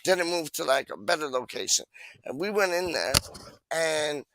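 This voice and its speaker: A man's voice: a little high, animated, moderate pace, background noise. Slangy, rambling male stream host. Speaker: livestream host. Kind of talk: casual chat.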